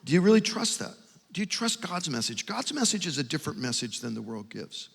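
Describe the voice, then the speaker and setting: Middle-aged male pastor, animated sermon storyteller, gravelly, echoing auditorium. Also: a little high, brisk. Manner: animated storytelling, building to loud emphasis. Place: large church auditorium. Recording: long hall reverb, faint music.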